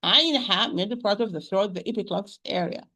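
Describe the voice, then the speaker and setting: A woman with an Arabic accent teaching Quran pronunciation, repeating sounds slowly and patiently to demonstrate them. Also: medium pitch, bright, forceful tone. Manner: addresses listeners as "my dear sister". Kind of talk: pronunciation lesson.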